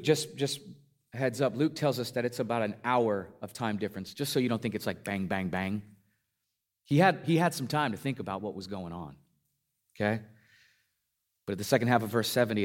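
Retelling a passage of scripture in his sermon, a pastor raises his pitch to stress points and lets it sink low on the important lines.

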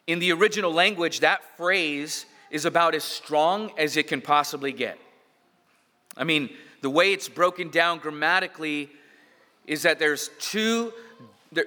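A man's voice: fairly high pitch, bright, forceful tone. A man preaching a sermon as pastor, emphatic, building points through repetition and dropping in casual asides. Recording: long hall reverb.

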